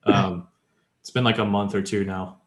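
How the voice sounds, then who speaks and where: Male podcast co-host, fairly low voice, rambling explainer, roomy echo. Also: flat delivery, normal speed. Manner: chatty, many fillers, explains step by step. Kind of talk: casual language-learning chat.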